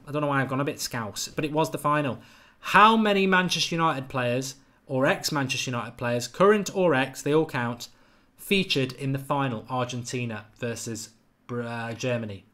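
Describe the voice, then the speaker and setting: A man's voice: mid-range voice, a bit bright. Chatty man hosting a live quiz. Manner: chatty and quick, reads out names and answers. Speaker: football channel host running a live quiz. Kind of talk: live-stream chat reading viewer comments.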